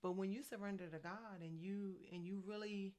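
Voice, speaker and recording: A woman in her forties from New Jersey, a faith and fitness coach talking fast and excitedly in a motivational vlog. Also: mid-range voice. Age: 40s.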